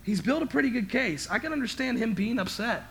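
A male pastor delivering a sermon in a high, bright, forceful voice. He swings from hushed asides to loud emphatic bursts and stammers over repeated words when worked up. A faint hiss of noise sits under his voice. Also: lively intonation, fairly quick, creaky.

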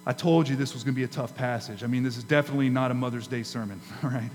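A man preaching a sermon as pastor, emphatic, with dramatic pauses and rises in his delivery. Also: medium pitch. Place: church sanctuary. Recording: hall reverb with faint mains hum.

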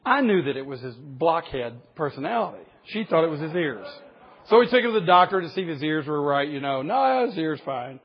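A man's voice: a little high, lively intonation, fairly quick. Man, pastor, sermon, emphatic storyteller, dull lo-fi recording.

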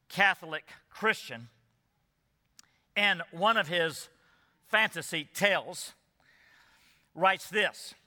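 A man's voice: on the high side, bright, forceful tone. A man preaching an expository sermon, earnest and emphatic, often asking the congregation rhetorical questions. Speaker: pastor. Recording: echoey hall reverb.

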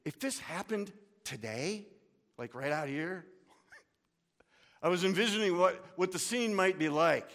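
A man's voice: sits high, a little slow, fairly bright tone, in a large hall. A male pastor preaching a sermon, telling the story vividly and dropping casual asides.

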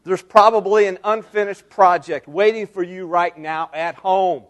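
A middle-aged male pastor preaching a sermon, moving between soft asides and raised, emphatic lines. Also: high voice, a little slow.

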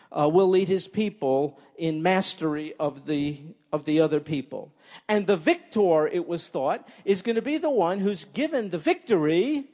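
A man preaching a sermon in an animated way, often asking his listeners questions. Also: high voice, in a large hall.

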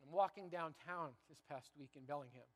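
A man from Canada preaching a sermon, moving from quiet reflection to loud, rousing repetition before his congregation. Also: on the high side, fairly quick, big-room sound. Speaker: pastor.

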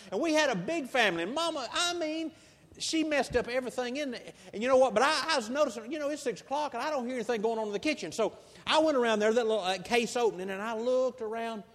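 A man's voice: high-pitched, a bit bright. A man from Texas, preaching a folksy, emotional story sermon that builds to fervent intensity. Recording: long reverb of a large hall.

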